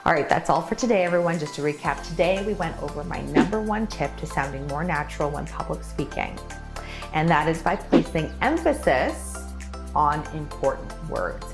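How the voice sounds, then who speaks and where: A middle-aged woman, a public speaking coach, giving a tutorial to camera with clear, deliberate delivery and stressed key words. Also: deep voice, expressive, over music.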